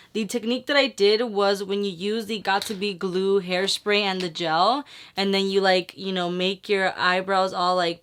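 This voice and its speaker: A woman's voice: medium pitch, sharp tone, smooth. A woman beauty vlogger talking casually through a makeup tutorial, chatty and rambling, with lots of slang and swearing.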